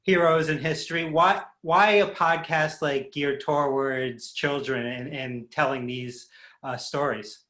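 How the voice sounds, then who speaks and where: A man's voice: on the high side, steady tone, measured pace, pushed and bright. Male co-host in a roomy mic. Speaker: podcast co-host. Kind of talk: casual interview chat.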